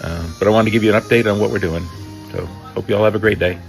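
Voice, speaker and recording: Deep gravelly man, subdued vlog update. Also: steady tone, soft background music. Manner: subdued, halting, many fillers.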